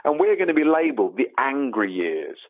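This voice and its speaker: Animated man over a phone-like line. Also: mid-range voice, brisk. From England. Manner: chatty and emphatic, calls people mate. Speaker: guest. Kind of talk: casual conversation.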